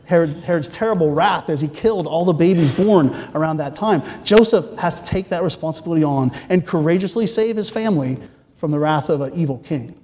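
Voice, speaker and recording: A man's voice: fairly high pitch, fairly quick, darkish tone. Earnest male pastor with an echoing hall sound. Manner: earnest, storytelling, with joking asides. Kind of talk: sermon. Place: church sanctuary. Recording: long church-hall reverb.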